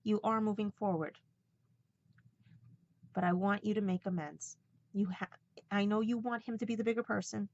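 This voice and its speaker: A woman speaking in a heartfelt personal vlog, earnest and halting at times as she passes on a message. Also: medium pitch, steady tone, darkish tone, highs cut off. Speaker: vlogger.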